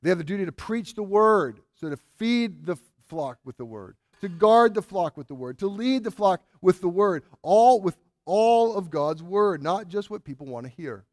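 A man's voice: sits high, expressive, normal speed, hardly any pauses, darkish tone, no room sound, clean studio sound. A man preaching a sermon as pastor, earnest and emphatic, stressing key words and putting questions to his congregation. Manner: asks the congregation rhetorical questions.

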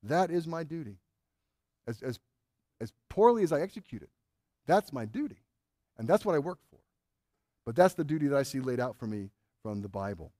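A man's voice: medium pitch, big pitch swings, moderate pace, long pauses, mellow, dry recording, studio quality. A man preaching a sermon as pastor, earnest and emphatic, stressing key words and putting questions to his congregation. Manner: asks the congregation rhetorical questions.

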